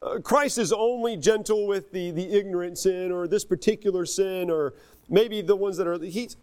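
High-voiced man preaching earnestly. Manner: earnest, swings from soft and slow to loud and emphatic. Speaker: pastor. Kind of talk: sermon.

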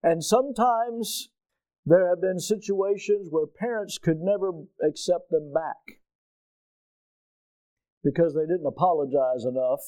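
A middle-aged male pastor preaching a sermon, emphatic and questioning his listeners, rising loud on key points. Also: high-pitched, a little slow, pauses often, dry recording.

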